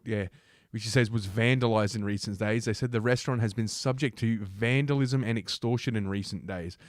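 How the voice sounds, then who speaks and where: Young male stream host with a low, dry voice, swearing and sarcastic as he rants over news stories. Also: no room sound. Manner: sarcastic, profane and combative. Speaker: livestream host. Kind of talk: ranting commentary while reading news aloud.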